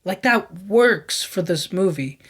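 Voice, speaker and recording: A man's voice: high voice, animated, slow, a bit bright, slightly rough. Rambling man recapping a film. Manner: rambling, heavy use of "like" and "you know what I mean"; enthusiastic about scenes. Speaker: podcast host. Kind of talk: casual movie recap.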